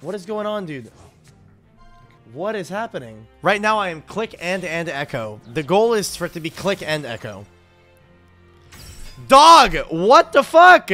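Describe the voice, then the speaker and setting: A young man streaming a card game, reacting loudly, swearing often and talking to his chat. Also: fairly high pitch, sing-song, moderate pace, faint music behind. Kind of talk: game livestream commentary.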